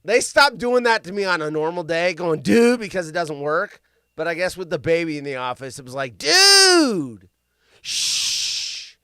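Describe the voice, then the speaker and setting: A man hosting a live show in casual chat, rambling and often bursting into yelling. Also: fairly high pitch, fairly quick, smooth, no room sound, clean studio sound. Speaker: podcast host.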